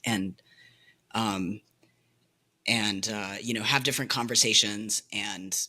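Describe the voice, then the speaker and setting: A man on a casual podcast, talking hesitantly and thinking aloud with many pauses. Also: on the low side, steady tone, pushed and bright. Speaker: podcast co-host. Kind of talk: casual group chat.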